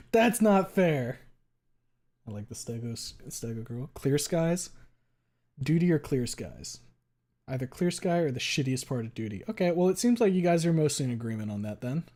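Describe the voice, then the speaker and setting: A male streamer chatting casually with his live audience at a mid pitch. His talk is loose and profane, full of "like" and restarts. When a story tickles him, his voice climbs and gets louder. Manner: chatty, swears often, fills with "like".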